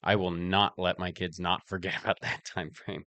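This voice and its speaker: Man, podcast co-host, low pitch, dry close sound, rambling easygoing chat. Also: level tone, moderate pace, sharp tone, no room sound. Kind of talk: casual chat.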